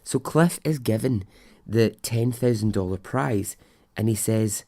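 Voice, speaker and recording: A man hosting a podcast, telling a story in a chatty, animated way and laughing at his own tale. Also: on the low side, measured pace. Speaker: podcast host. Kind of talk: casual storytelling.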